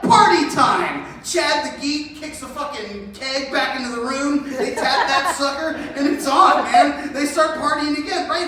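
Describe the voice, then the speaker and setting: A man in his thirties doing solo stand-up storytelling in a theater, profane, rambling and animated. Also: extremely high pitch. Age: 30s. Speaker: comedian. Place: theater stage. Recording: echoey theater from a distance.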